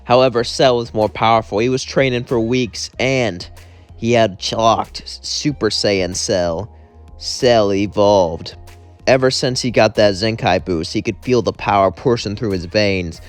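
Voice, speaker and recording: A man's voice: on the low side, unhurried. A man narrating a fan-fiction story in a casual, conversational way. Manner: conversational, plain. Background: faint music.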